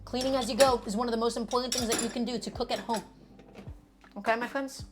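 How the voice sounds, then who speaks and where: Woman cooking on a live stream, kinda high voice, chatty and emphatic with her chat. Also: steady tone, fast, music in the background. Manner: chatty, emphatic, addresses viewers as friends.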